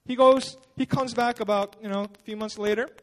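Guy with a fairly high voice preaching at church, chatty, lots of "you know"s. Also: steady tone, brisk, a bit bright. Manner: informal storytelling, acts out quotes, many fillers. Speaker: pastor. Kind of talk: casual conversational sermon. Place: church service.

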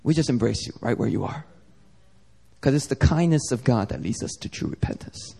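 A young man preaching a sermon as pastor, talking casually, climbing to emphatic peaks and dropping soft and low. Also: lively intonation, a little fast, vocal fry, slightly rough.

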